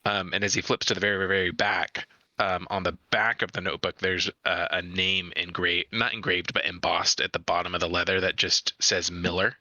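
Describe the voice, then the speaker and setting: A man playing a tabletop game, describing his character's actions in a halting, hesitant way. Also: low voice, flat delivery, pushed and bright, no echo, dull audio. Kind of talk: in-character roleplay and narration.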